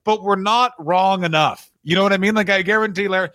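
High-voiced man riffing on a comedy podcast. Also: fairly quick, a bit bright, no echo, clean studio sound. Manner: riffing, puts on silly character voices. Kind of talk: casual comedic chat with impressions.

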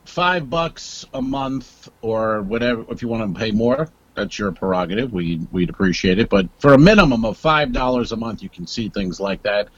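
A man's voice: on the low side, animated, moderate pace, few pauses, slightly rough, muffled recording. A man co-hosting a comedy podcast, teasing and rambling in casual chat. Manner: teasing, rambling, mock-offended. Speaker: podcast co-host.

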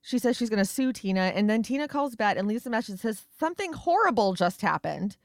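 A woman co-hosting a podcast, recapping an episode with wry jokes and quick asides. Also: on the high side, a little mellow, clean tone, no room sound, clean studio sound. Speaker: podcast co-host. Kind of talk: casual recap chat.

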